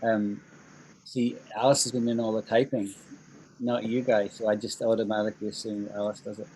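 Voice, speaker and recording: A man's voice: lowish voice, flat delivery, brisk, a little mellow, slight background noise, rough recording. A man teaching an online English class, chatty and emphatic, repeating phrases for stress.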